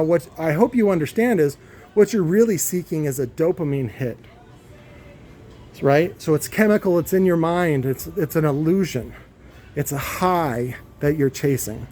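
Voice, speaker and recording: A man's voice: on the high side, mellow. A man in his warehouse workshop, rambling in a casual vlog rant, swearing freely and full of fillers and restarts. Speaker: car audio subwoofer builder.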